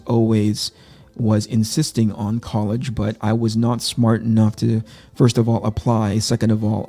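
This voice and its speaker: A man's voice: lowish voice, mellow. A man in his fifties hosting a launch stream, casually telling candid, self-deprecating stories about his early career. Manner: candid, self-deprecating anecdotes with many restarts. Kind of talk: casual storytelling.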